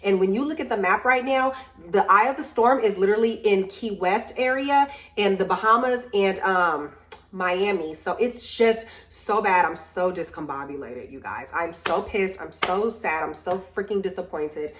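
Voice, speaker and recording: Tired woman vlogger, chatty and animated, complaining straight into a home camera. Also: medium pitch. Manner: animated storytelling, venting, drawn-out complaints. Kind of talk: casual chat to camera.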